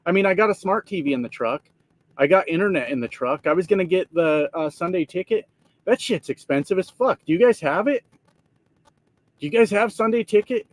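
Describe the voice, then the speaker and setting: Profane trucker on a livestream. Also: male voice, high voice, lively intonation, fairly quick. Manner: profane, rambling, laughs often. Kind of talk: casual livestream chat reading comments. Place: inside a truck cab.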